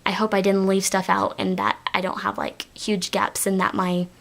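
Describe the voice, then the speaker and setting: A young woman with a Southern US drawl talks straight to her camera in a loose, chatty vlog. She rambles along, filling her pauses with ums and likes. Her voice sits at an ordinary middle pitch for a woman. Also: little pitch movement, creaky. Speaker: collab channel vlogger. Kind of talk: casual vlog monologue.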